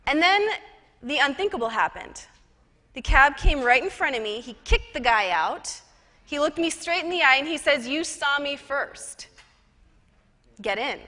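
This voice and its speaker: A woman giving a personal storytelling talk at a conference, chatty and lively, with casual fillers. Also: sits high, moderate pace. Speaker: conference speaker and professional psychic. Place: conference stage in a large hall. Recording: reverberant conference hall.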